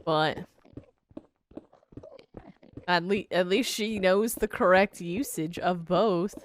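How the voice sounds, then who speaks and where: Casting: woman game streamer, lowish voice, stuffy nose, slow laid-back chatter. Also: a little hiss or hum. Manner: laid-back, drawling, frequently says "bruh". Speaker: live streamer. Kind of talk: casual chat while gaming.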